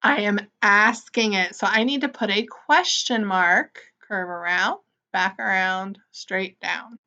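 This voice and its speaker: Bright-voiced teacher woman, slow spelling. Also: medium pitch, highs cut off. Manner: slow, sound-by-sound spelling for young children; gently encouraging, asks questions and answers them. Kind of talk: early-grade phonics lesson.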